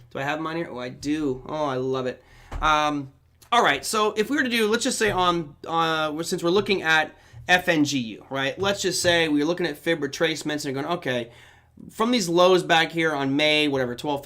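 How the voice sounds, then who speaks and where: Hosting a live market analysis stream, a middle-aged German man speaks in a bright, pushed voice on the higher side. His tone is casual as he thinks aloud through the charts.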